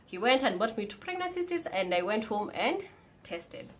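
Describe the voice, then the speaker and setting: A young Kenyan woman telling her own story to the camera in a chatty, animated way. Her voice sits a little high, and a faint hiss of background noise runs under it. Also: normal speed. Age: young adult. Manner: animated, mixing English and Swahili slang. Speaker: vlogger. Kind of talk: casual storytelling vlog.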